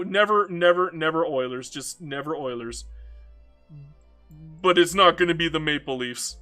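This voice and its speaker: A man's voice: fairly high pitch, sharp tone. A man streaming a strategy game, chatting casually and ranting with frequent laughs and stammered restarts. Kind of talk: casual chat while gaming.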